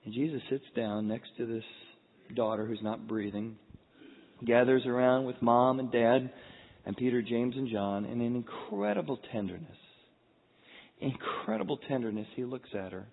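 A man preaching a sermon, retelling the scene dramatically and swinging from hushed tones to loud outbursts. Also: medium pitch, moderate pace. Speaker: pastor. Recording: echoey hall over a tinny phone-like line.

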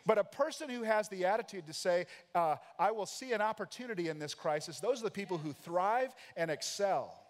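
A man's voice: sits high, lively intonation, fairly quick, hardly any pauses. An American man preaching a sermon as pastor, emphatic and dramatic, acting out the voices in the scripture stories he retells. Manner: emphatic preacher, acts out quoted lines. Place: church sanctuary. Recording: long hall reverb.

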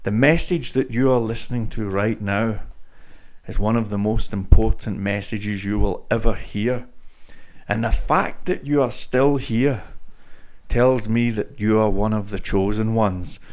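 A man hosting his own show, speaking to listeners in a deliberately slow, mock-grandiose monologue. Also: lowish voice, a little mellow. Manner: drawn-out, mock-grandiose delivery. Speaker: show host.

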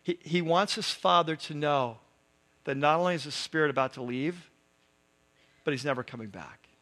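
High-voiced man preaching conversationally. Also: moderate pace, a bit bright. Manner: conversational preaching with many asides and "right?". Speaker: pastor. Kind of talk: sermon.

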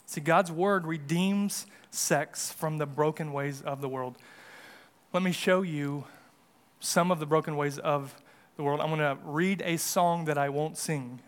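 Pastor, male, higher-pitched voice, earnest sermon delivery that builds for emphasis. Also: measured pace. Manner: earnest preaching, rises in pitch and volume for emphasis.

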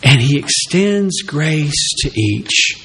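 Male pastor, high and lively voice, slow deliberate sermon delivery. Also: creaky, husky. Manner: animated preaching, acts out Peter's reluctant excuses in a high voice.

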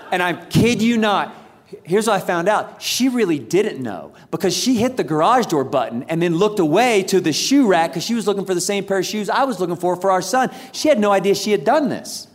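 A man with a high voice preaches a sermon in a large church auditorium. He tells his story with humor and acts out the quoted lines. His words ring with a long hall reverb. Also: expressive, moderate pace. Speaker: pastor.

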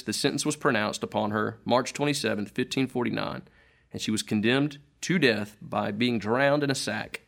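A man's voice: mid-range voice, gravelly, a bit bright. Man solemnly reading aloud in church.

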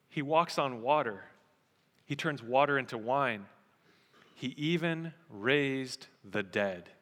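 Un pastore uomo che predica con enfasi narrativa, voce brillante e un po' alta, in una chiesa con lungo riverbero. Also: male voice, fairly high pitch, long reverb tail. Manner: animated storyteller, emphatic. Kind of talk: sermon with storytelling.

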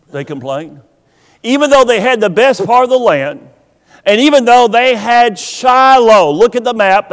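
A man preaching a sermon, slow and emphatic, acting out the voices he quotes. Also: high-pitched. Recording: long hall reverb.

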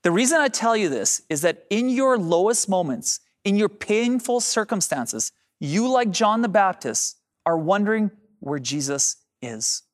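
A man's voice: sits high, very animated. Emphatic male pastor preaching. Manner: emphatic, drawn-out key phrases; direct address to the congregation. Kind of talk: sermon.

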